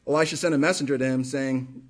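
Husky-voiced male preacher, impassioned. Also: medium pitch, fairly even intonation, fast. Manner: impassioned, rhetorical questions, repeats phrases for emphasis. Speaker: pastor. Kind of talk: sermon.

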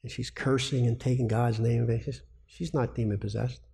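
A man's voice: medium pitch, fairly even intonation, fairly quick, gravelly, mellow. A man giving a sermon-style teaching talk, asking the audience questions and answering them himself. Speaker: speaker on biblical counseling.

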